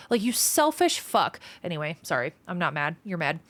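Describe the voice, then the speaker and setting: A woman's voice: on the low side, sing-song, fairly bright tone, no room sound. Give me a frank, profane woman streamer venting to her chat, recorded dry and close. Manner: frank, profane, quick to vent. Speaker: surgical trainee. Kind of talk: casual live-stream chat, reading viewer comments aloud.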